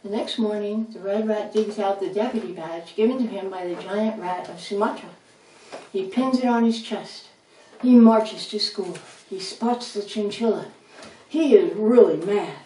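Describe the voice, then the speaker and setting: A woman reading a children's storybook aloud in steady, unhurried narration. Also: medium pitch. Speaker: storybook reader. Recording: roomy, distant, faint noise.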